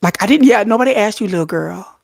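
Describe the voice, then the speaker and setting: A woman's voice: medium pitch, animated, quick pace, vocal fry, a little mellow. A middle-aged woman hosting a casual livestream, telling stories with lots of laughter and casual swearing. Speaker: K-pop commentary livestream host.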